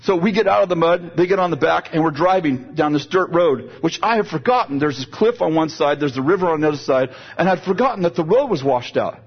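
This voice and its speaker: A man preaching a sermon, telling a lively personal story and moving into prayer, with a husky voice. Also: fairly high pitch, fairly quick, hardly any pauses, lo-fi sound.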